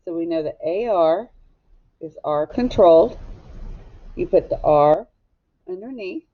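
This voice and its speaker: A woman with a voice on the low side and lively intonation runs a recorded phonics lesson for young children. She works slowly and patiently, asking the pupils to say words back to her, and the lo-fi recording sounds slightly dull.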